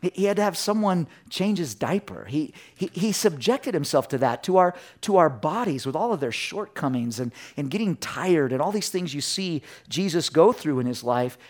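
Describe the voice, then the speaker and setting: A middle-aged man preaching a sermon as a pastor, telling lively personal stories and acting out his family's voices. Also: on the high side, normal speed, hardly any pauses. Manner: animated storytelling, acts out his family's voices.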